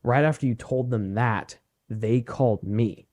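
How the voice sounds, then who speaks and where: A man's voice: medium pitch, measured pace. A young man co-hosting a podcast, telling a story in casual chat, swearing freely and acting out the voices of people he quotes. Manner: profane, animated when acting out quotes. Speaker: podcast co-host.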